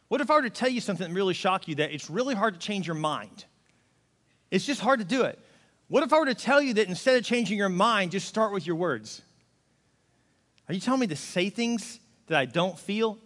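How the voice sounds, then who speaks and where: Male pastor, high voice, chatty animated sermon, long hall reverb. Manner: conversational, animated preaching with repeated "right?" and acted-out quotes.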